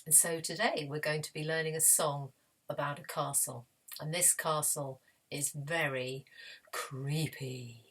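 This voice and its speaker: A woman teaching a children's music lesson, gently and encouragingly, with playful voice demonstrations. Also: low voice, steady tone, normal speed. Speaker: primary school music teacher.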